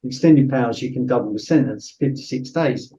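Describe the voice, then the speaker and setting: A man's voice: medium pitch, a little fast, warm tone, lo-fi sound. A middle-aged man, a former soldier, telling a story casually on a podcast with lots of fillers and acted-out quotes. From Britain. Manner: anecdotal, acts out quoted voices, frequent fillers.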